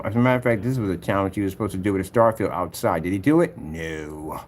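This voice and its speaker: A man's voice: low voice, lively intonation, fast, hardly any pauses, slight background noise. Rambling, boastful man. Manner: rambling, hums filler sounds, boastful, combative. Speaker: projector screen paint maker. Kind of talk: rambling screen-recording vlog.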